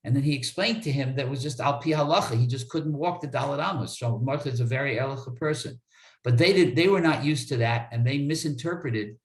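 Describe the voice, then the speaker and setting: A man's voice: mid-range voice, a little fast. An earnest man speaks as a guest attorney, telling a long story in an interview. He often repeats words as he gets going. His voice sits mid-range and carries a roomy echo. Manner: earnest, repeats words when starting sentences.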